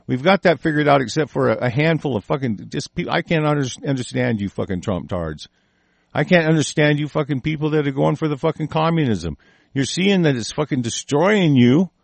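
A man's voice: on the high side, creaky, no room sound. A man giving a heated, profane monologue, swearing often and breaking off mid-sentence to restart. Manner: reads aloud passages and interrupts them with his own comments. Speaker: commentator. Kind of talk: angry ranting monologue.

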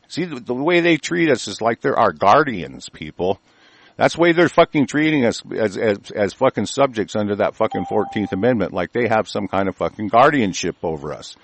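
A man's voice: on the low side, expressive, fairly quick, no echo. A man ranting on air, angry and profane, rambling with many restarts. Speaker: host reading and ranting on air.

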